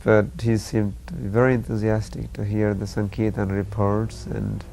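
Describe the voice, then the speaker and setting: A man earnestly recalling a time with his teacher, halting often with fillers. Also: lowish voice, level tone, vocal fry, mellow. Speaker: disciple recalling memories. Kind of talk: spoken reminiscence. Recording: faint background hiss.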